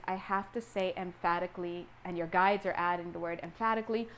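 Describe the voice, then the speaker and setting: A woman giving a casual tarot reading, animated and playful, acting out little scenes and laughing often. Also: mid-range voice, quick pace, hardly any pauses, a little hiss or hum. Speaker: tarot reader.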